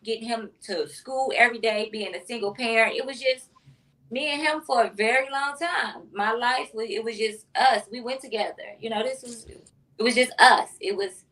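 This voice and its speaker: A woman's voice: on the high side, moderate pace, sharp tone, far from the mic, poor audio. A woman, a mother, speaking heartfelt and emotional as an interview guest. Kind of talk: interview chat.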